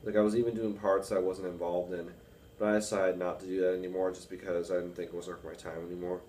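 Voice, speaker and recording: A young man with a baritone voice, rambling casually to camera with many fillers about reading and analyzing music. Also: little pitch movement, quick pace, darkish tone, recorded from a distance, slight background noise. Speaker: music student vlogger. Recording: echoey room with faint music.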